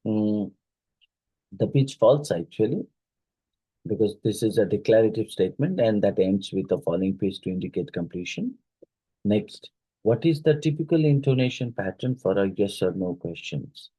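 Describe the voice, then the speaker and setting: Husky, low-voiced male teacher. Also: warm tone, dry recording, rough recording. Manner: reads questions aloud, then reasons through the answer. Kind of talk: exam question review lesson.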